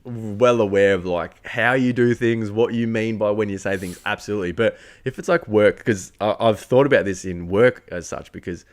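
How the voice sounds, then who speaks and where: A relaxed man co-hosts a casual podcast chat, his voice sitting on the low side. He rambles through anecdotes, trips over his words and breaks into laughter often. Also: normal speed, few pauses. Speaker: podcast co-host.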